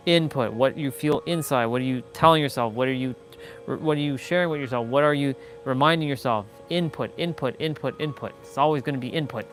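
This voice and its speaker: A man's voice: mid-range voice, fairly quick, a bit bright, faint music behind. Blunt, rambling male livestream host. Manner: rambling, blunt, lots of "like" and restarts. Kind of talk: casual live-stream monologue.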